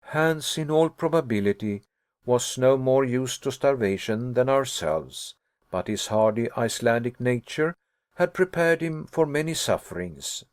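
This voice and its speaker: A man narrating an audiobook in a measured, formal reading manner. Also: mid-range voice, animated, no room sound, studio quality.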